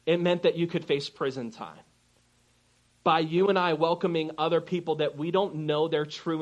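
High-voiced pastor preaching. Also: male voice, highs cut off. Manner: animated preaching, asking the congregation for responses; moves from soft, slow emphasis to loud, lively storytelling. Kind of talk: sermon.

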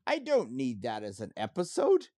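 A man co-hosts a podcast and chats casually. His voice is recorded dry and close, with a mid pitch. He gives relaxed, opinionated takes and stumbles over small restarts. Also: normal speed, no echo. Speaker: podcast co-host. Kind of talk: casual chat.

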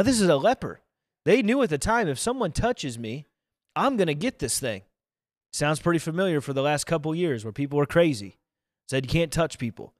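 Fervent evangelist man, high-pitched and dry. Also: no echo. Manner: fervent, rising to loud emphatic declarations. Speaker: evangelist preacher. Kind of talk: livestreamed sermon. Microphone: camera mic, speaking to online viewers.

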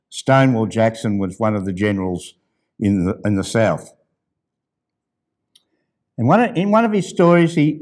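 A middle-aged male pastor preaching a sermon. He swings from soft, low asides to loud, emphatic declarations, and at times reads a letter aloud.

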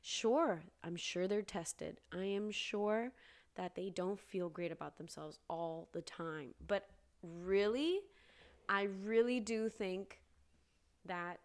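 A young woman talks through her own podcast in an unhurried, earnest way, lingering over her words. She often jumps up into high, emphatic bursts before settling back down. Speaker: podcast host. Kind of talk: casual solo podcast talk.

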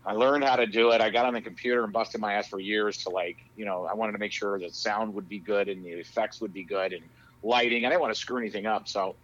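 A man's voice: fairly low pitch, steady tone, fast, highs cut off. Rowdy, profane man in his fifties. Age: 50s. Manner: rowdy, loud-mouthed, profane. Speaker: guest, filmmaker and musician. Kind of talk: casual interview chat.

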